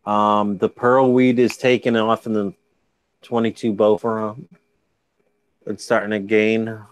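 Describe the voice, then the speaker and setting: A tired, yawning man with a lowish, fairly monotone voice speaks slowly while hosting a fishkeeping livestream from home over a video call. Laid-back, drawling and jokey, he reads viewer comments aloud, picked up by a computer mic.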